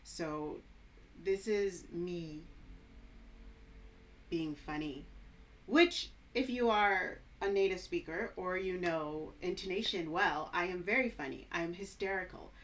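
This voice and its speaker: A woman with a lowish voice talks slowly and unhurriedly, reacting to old footage in a vlog. Her humor is flat and sarcastic, delivered with a dry, deadpan tone. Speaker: English teacher reacting to her old video. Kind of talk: casual vlog commentary.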